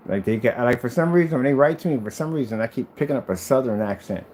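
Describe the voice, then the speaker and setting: A man's voice: mid-range voice, lively intonation, quick pace, a little mellow, a little hiss or hum. A man who makes projector screens, talking in a boastful, taunting vlog rant aimed at his critics.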